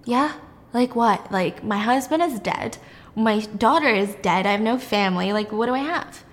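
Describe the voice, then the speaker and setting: A woman's voice: on the high side, normal speed, lightly acted. A woman playing a curt, bitter widow out for revenge. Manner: flat, curt, demanding. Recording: long reverb.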